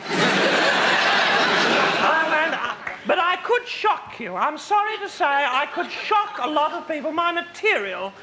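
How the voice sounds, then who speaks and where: A man's voice: very high voice, big pitch swings, unhurried, exaggerated voice, poor audio. A man performing a vain, gushing female megastar with an Australian accent, live on stage in a TV studio, condescending and full of sly innuendo. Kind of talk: live stand-up character act. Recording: loud live studio with roaring crowd and noise.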